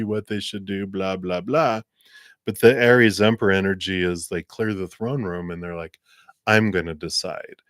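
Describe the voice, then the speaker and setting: A man giving gentle, encouraging tarot readings on a live stream, talking casually with soft laughs. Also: low-pitched, no room sound, studio quality. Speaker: tarot reader.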